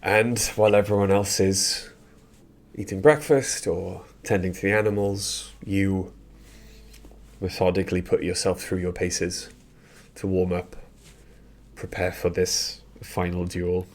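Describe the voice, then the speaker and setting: Man, very low voice, dungeon master narration, halting, lots of ums. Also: steady tone. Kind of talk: narrating a tabletop game over voice chat.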